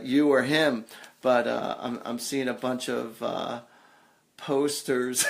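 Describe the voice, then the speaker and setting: A man hosting a live psychic reading, talking in a halting, reassuring way with lots of ums and uhs. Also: medium pitch. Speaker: psychic medium host. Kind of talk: live online reading session.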